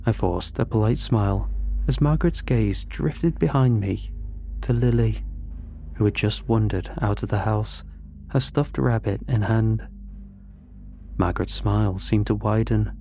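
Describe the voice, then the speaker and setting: Calm low-voiced man narrating a story. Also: a little hiss or hum. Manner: calm, measured, first-person. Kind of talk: scripted horror story narration.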